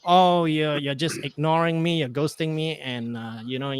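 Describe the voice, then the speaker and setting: A man's voice: a little high, steady tone, moderate pace, a little hiss or hum. A man telling a rambling anecdote on a remote call, hesitant and full of fillers, acting out bits of dialogue. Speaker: podcast guest. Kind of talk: casual storytelling chat.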